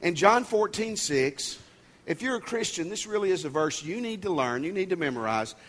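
A man's voice: high voice, lively intonation, normal speed, fairly bright tone. Man preaching in a raised, conversational voice. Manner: conversational and emphatic, with folksy asides and jokes. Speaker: pastor. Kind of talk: sermon.

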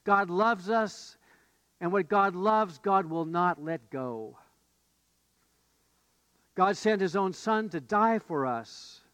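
Higher-voiced male pastor preaching. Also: slow, pauses often, a bit bright, clear, resonant tone, no echo. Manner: storytelling, rising to emphatic questions. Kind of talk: sermon.

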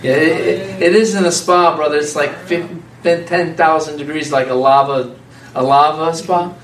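A man preaching an informal, conversational sermon, animated and laughing often as a small group answers him. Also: a little high, normal speed, a little hiss or hum. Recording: echoey room from far off.

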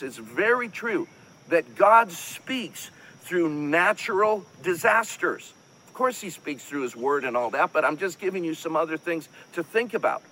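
Impassioned high-voiced preacher man. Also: pushed and bright, low-quality recording. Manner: impassioned, pleading, repeats "listen to me, friends". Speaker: pastor. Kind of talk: sermon.

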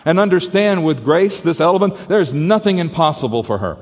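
Earnest preacher in a reverberant hall. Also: male voice, on the high side, animated, fairly quick. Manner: earnest, repeats and restarts, drops to soft tones for the story. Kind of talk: sermon with storytelling.

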